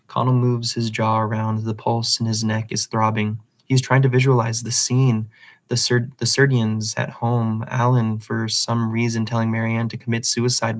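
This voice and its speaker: A man reading a literary novel aloud, with occasional slips and restarts. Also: medium pitch. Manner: reads dialogue plainly, with slips and restarts. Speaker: reader.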